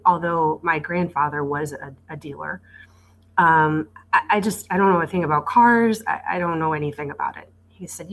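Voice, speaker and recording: A woman in her forties recounts her working life as a podcast guest, her voice sitting low in pitch. She tells it as a story, animating the quoted exchanges. She often restarts her words with small stammers. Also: moderate pace, low-quality recording. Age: 40s. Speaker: guest, dealership executive. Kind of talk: conversational storytelling.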